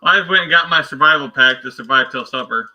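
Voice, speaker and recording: A man in a casual chat, answering jokes with dry, deadpan replies. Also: mid-range voice, quick pace, muffled recording.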